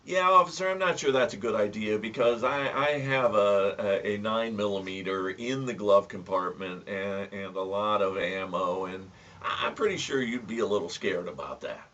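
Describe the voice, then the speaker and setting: A man doing a deadpan lying driver. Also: lowish voice, moderate pace, few pauses, lightly acted. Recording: distant, dull lo-fi sound.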